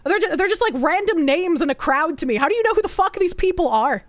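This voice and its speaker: A high-pitched woman streaming from home, ranting to her chat with lots of swearing and sudden gasps. Her voice is close and dry on a desk mic, with no room sound around it. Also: expressive, no room sound. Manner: profane, exasperated, quick to gasp and laugh. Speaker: streamer reading chat and posts. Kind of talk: casual livestream chat.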